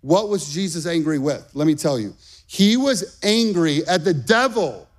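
Middle-aged male preacher, high voice, passionate pulpit delivery. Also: expressive, a little slow. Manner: impassioned, emphatic preaching with rising shouts. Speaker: pastor. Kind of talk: sermon.

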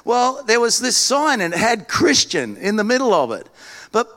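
A man with an Australian accent preaching a sermon in a relaxed, storytelling way, often restarting his sentences. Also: very high-pitched, normal speed. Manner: conversational, self-deprecating storytelling with frequent restarts. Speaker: pastor.

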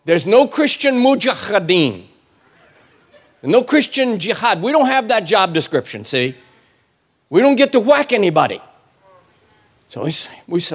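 Man preaching, high voice, very lively pitch, colloquial storyteller acting out voices. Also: moderate pace, long pauses, husky. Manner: animated storytelling, acts out voices with big pitch swings; colloquial, humorous. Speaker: guest preacher. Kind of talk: sermon.

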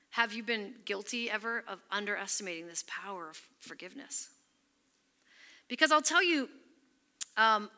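A woman pastor delivers an earnest sermon in a very bright, somewhat high voice. She presses her points emphatically, then sinks almost to a whisper when she quotes scripture.

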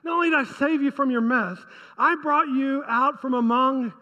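A man's voice: extremely high pitch, normal speed, sharp tone, long reverb tail, dull audio. A male pastor preaching a conversational sermon, often asking the congregation rhetorical questions.

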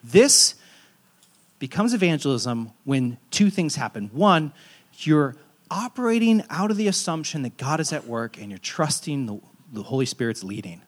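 A man delivers a sermon in a chatty, storytelling manner, poking gentle fun at himself. His voice sits a bit higher than most men's. He sounds like a pastor in his thirties talking to his congregation. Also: sing-song, normal speed. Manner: conversational, self-deprecating storytelling.

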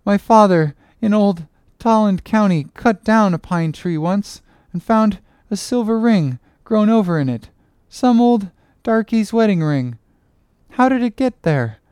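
A woman's voice: mid-range voice, expressive, unhurried, dark tone, clean tone, no echo, lightly acted. A woman voicing a crazed young cabin boy in an audiobook, chanting and rambling in a sing-song way. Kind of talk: audiobook character reading.

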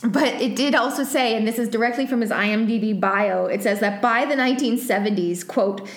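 A woman's voice: fairly high pitch, fairly quick, reverberant. Chatty woman podcast co-host. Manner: chatty, lots of fillers and laughs. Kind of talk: casual chat.

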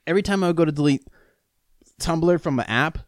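A man's voice: on the high side, a little fast, no room sound. Guy with the hiccups ranting on his podcast, swears a lot, dry close sound. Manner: rambling, profane and self-mocking. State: has the hiccups. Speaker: podcast host. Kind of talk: casual solo podcast rant.

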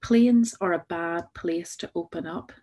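A woman's voice: fairly low pitch, unhurried, dark tone. A woman narrating her own story in the first person, in a wry, understated way. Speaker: memoir narrator.

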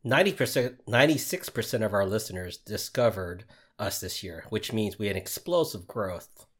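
Husky Southern man, podcast co-host. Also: on the low side, expressive, moderate pace, a bit bright. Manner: jokey, laughs easily. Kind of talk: casual chat.

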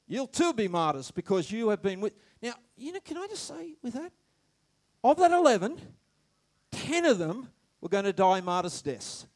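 Lively high-voiced male preacher. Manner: animated, swings between loud shouts and quiet asides, laughs often; restarts and stammers when excited. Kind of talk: sermon.

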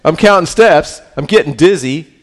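A man's voice: expressive, moderate pace, long reverb tail. A pastor voicing a frustrated, complaining man who is going nowhere, in a raised, whining voice. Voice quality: high, loud and complaining. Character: whiny frustrated man wandering in circles.

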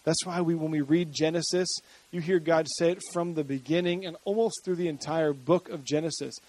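High-voiced male pastor preaching. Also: fairly even intonation, a little fast, darkish tone. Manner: preaching with rising energy, joking with the congregation. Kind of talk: sermon.

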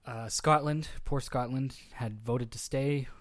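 Canadian male podcast co-host, middle pitch, laid-back and hesitant. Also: fairly even intonation, slow pace. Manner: easygoing, hesitant with fillers and restarts. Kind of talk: casual podcast chat.

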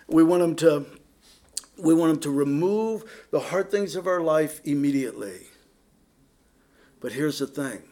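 A man gives a conversational sermon, earnest and direct, turning often to address his listeners. His voice sits a little higher than most men's, and he restarts his sentences as he works through his thoughts. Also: lively intonation, measured pace, long pauses, warm tone. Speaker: preacher.

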